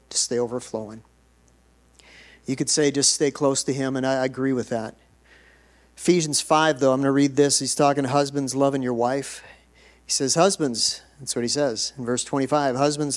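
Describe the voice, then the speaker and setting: A man pastor preaching a sermon, moving between conversational asides and bursts of emphatic delivery. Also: medium pitch.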